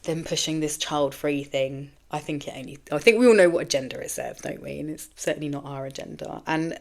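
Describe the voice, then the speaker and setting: A woman's voice: low-pitched, brisk, gravelly. A woman hosting her own podcast, talking candidly and rambling, swearing casually, a little emotional. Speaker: podcast host. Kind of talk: personal monologue podcast.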